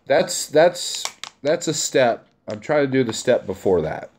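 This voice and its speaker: A man's voice: mid-range voice, big pitch swings, unhurried, a little mellow, a little hiss or hum. Blunt, chummy male trucker streamer. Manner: blunt, chummy, laughs easily. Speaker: truck driver streaming live, reading chat. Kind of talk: casual live-stream chat.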